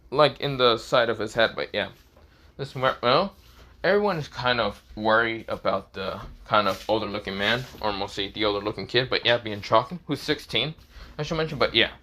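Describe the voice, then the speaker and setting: A man's voice: fairly low pitch, sharp tone. A man improvising a fan story as narrator, rambling with many repeated filler phrases.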